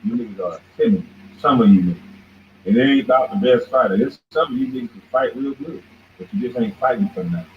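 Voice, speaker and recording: A man's voice: mid-range voice, quick pace. A man hosts his own show with a heated, combative rant, calling out his target again and again. His voice sits in a middle range. The sound is thin and phone-like, with a faint hiss underneath. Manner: heated, confrontational, repeats "boy". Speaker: show host. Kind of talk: ranting commentary monologue. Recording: tinny phone-like line with faint noise.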